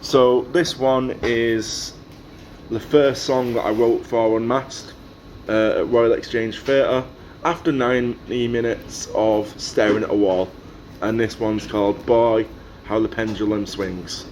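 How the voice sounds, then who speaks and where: A man reads his own poem in a measured, rhythmic spoken word delivery. His voice sits in a middle pitch range. A faint ambient hiss runs under it. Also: fairly even intonation, darkish tone, low-quality recording. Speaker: guest poet and performer. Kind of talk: spoken word poetry performance.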